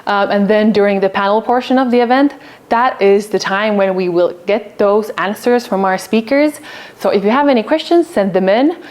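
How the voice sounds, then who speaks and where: A woman's voice: medium pitch, moderate pace, darkish tone. A woman moderating a live event, announcing the schedule and introducing the first speaker in an upbeat way with many fillers.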